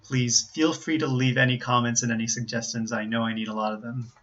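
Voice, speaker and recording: American man, pronunciation teacher, bright clear voice, careful repeated examples, slightly dull recording. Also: mid-range voice, flat delivery, brisk. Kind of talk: explaining pronunciation to learners.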